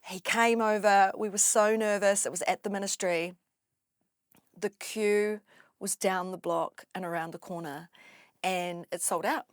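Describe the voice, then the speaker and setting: A woman tells stories in a loose, chatty way and keeps slipping into the voices of the people she describes. Her voice sits at a middle pitch, and the recording is dry and close, with no room sound. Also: unhurried, no room sound. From New Zealand. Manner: animated, acts out quoted voices. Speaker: guest MC. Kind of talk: casual storytelling interview.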